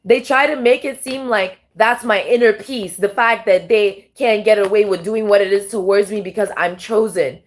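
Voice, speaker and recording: Her mid-range voice moves at a moderate pace with few pauses. She's a tarot vlogger addressing the camera in an emotional, unpolished, rambling monologue, swearing a lot and often starting her sentences over.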